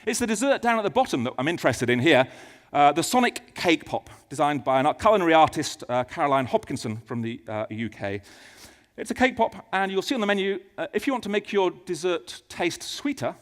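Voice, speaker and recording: A man giving a conference talk in a large auditorium, animated, with many fillers and restarts. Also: on the high side, a little fast. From United Kingdom. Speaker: conference speaker. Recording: long hall reverb.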